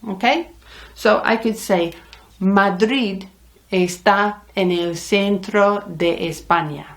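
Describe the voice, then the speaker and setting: A middle-aged woman with a medium-pitched voice gives a Spanish lesson at a slow pace. She speaks deliberately and patiently repeats words for her learners.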